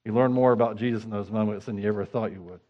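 With the highs cut off, the recording captures a middle-aged pastor speaking very fast in a low, steady voice. He preaches conversationally, passing between hushed asides and fervent appeals.

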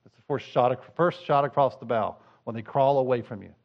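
A middle-aged male pastor delivers a sermon in a conversational way, dropping to quiet asides and rising to fervent appeals. His voice sits at an ordinary pitch for a man. The recording is dull and muffled. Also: fairly quick, vocal fry. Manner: conversational, swings from hushed to fervent.

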